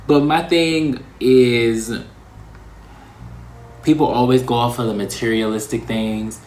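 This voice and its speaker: A man hosting his own vlog, talking in a casual, reflective way, slangy and expressive. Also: medium pitch, slow, long pauses, reverberant, slight background noise. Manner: slangy and expressive, breaking into laughs. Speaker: vlog host.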